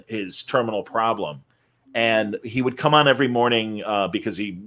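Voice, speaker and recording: A man's voice: medium pitch, a bit bright. A man co-hosting a podcast livestream over a video call, telling stories and mocking his co-host in brash, swearing banter. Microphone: video call mic.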